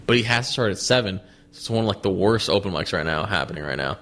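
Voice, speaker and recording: A man's voice: low-pitched, animated, quick pace, fairly bright tone. A man hosting a comedy podcast, telling rambling, profane stories packed with "like.". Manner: rambling, profane storytelling with lots of "like". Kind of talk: casual chat.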